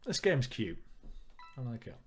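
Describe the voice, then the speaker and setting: A man's voice: mid-range voice, sing-song, unhurried, soft background music. A man reading a visual novel aloud and commenting on it with dry jokes. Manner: wry, joking asides. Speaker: let's player.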